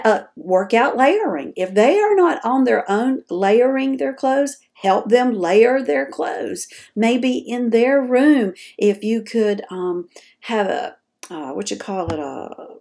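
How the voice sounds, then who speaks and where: A woman hosts a caregiving podcast with a gravelly, mellow voice. She talks to listeners in a folksy, direct way, as if chatting with friends. Her pitch sits a little high. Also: expressive, takes it slowly. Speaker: podcast host, dementia caregiving advisor. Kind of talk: folksy advice talk.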